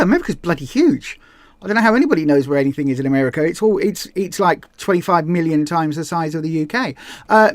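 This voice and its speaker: With no echo on the recording, a low-voiced woman with a southern English accent from Hampshire, England, hosts a casual livestream. Friendly and rambling, she reads viewer comments aloud, often saying um and repeating herself.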